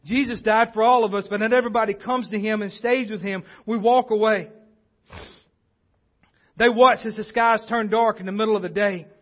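A man's voice: high voice, fairly even intonation, normal speed. A man preaching a sermon as pastor, earnest and building in intensity as he presses his points. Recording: dull lo-fi livestream audio.

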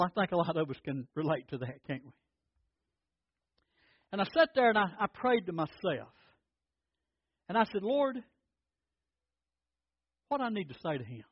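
A man's voice: on the high side, breathy edge, no room sound, highs cut off. A man preaching a sermon as pastor, telling folksy stories and often repeating his words.

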